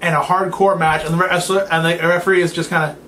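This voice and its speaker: A man's voice: on the high side, flat delivery, fast, fairly bright tone, a little hiss or hum. A man co-hosting a casual wrestling review, joking around, laughing often and cutting in over his co-host. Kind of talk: casual chat.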